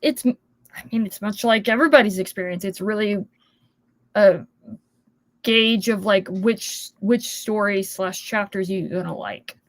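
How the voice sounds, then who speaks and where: A woman's voice: medium pitch, a little slow, no echo. A woman taking part as a guest in a casual livestream book chat over a video call, blunt and a little hesitant.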